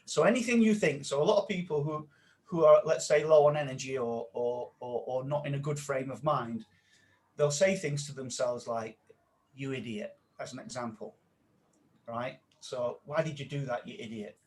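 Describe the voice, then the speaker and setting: A man, a mindset coach speaking as a podcast guest, animated and dropping his voice low when he quotes self-talk. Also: normal speed. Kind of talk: casual podcast interview.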